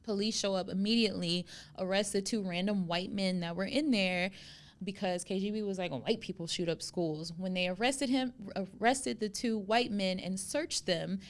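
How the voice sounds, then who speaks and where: A woman's voice: mid-range voice, steady tone, moderate pace. A woman co-hosting a podcast, telling a story in casual chat, acting out quotes and swearing freely. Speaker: podcast co-host.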